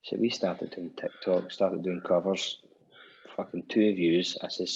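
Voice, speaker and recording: A man's voice: low voice, steady tone, a little slow, a little mellow, a little hiss or hum. A Scottish man, a musician guest, telling stories in casual chat, swearing freely and restarting often. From Scotland. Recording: dull lo-fi podcast audio.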